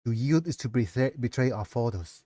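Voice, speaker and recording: A man's voice: medium pitch, animated, fairly quick, warm tone, dry recording, clean studio sound, close to an everyday voice. A man reading as a stern icy council member. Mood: stern defiance.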